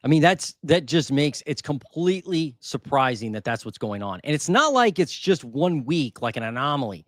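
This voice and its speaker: This housing market channel host has a voice on the high side with a fairly bright tone, and he sounds very animated, moving at normal speed with few pauses. The sound is clean studio audio without echo. He chats casually as he goes through market figures live, thinking aloud and repeating the numbers.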